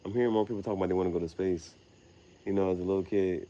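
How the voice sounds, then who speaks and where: A man's voice: low voice, fairly even intonation, rapid-fire, mellow, muffled recording, slight background noise. A young man rambling casually outdoors at night, slangy and meandering, laughing at his own words. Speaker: vlogger. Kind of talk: rambling late-night monologue.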